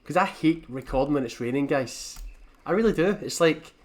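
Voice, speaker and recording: A man's voice: a little high, animated, moderate pace. A man giving rambling, jokey, sweary commentary while playing a game. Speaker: gaming video host.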